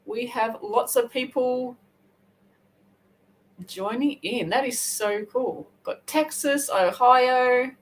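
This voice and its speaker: A woman's voice: fairly high pitch, slow, low-quality recording. Aussie woman chatting away on a crochet livestream, rambly, keeps correcting herself. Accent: Australian. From Australia. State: hair wet, just out of the shower. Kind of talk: casual live chat.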